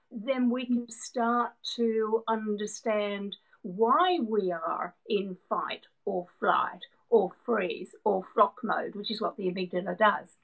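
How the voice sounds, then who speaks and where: Middle-aged nz woman on a video call, fairly high voice, animated, laughs a lot, repeats herself while she thinks. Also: low-quality recording. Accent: New Zealand. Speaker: guest expert. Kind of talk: explanatory interview answers.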